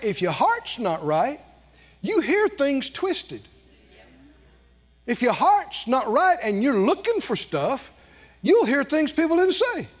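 A man from the American South with a Southern drawl, preaching a sermon, often laughing and dropping low and soft for emphasis. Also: big-room sound.

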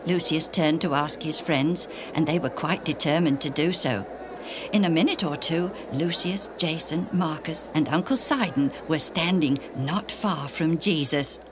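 A woman narrating a children's Bible story in a gentle, measured way. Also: low-pitched, noisy background. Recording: music clearly behind.

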